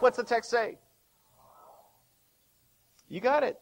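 A man preaching a sermon as pastor, with dramatic swings between quiet and loud. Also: very high voice, lively intonation, moderate pace, long pauses. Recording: long hall reverb.

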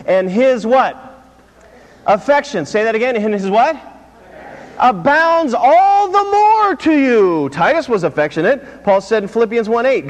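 A man preaching a sermon as pastor, drawing call-and-response answers from the congregation and repeating words for emphasis. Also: high voice. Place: church sanctuary. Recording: long hall reverb.

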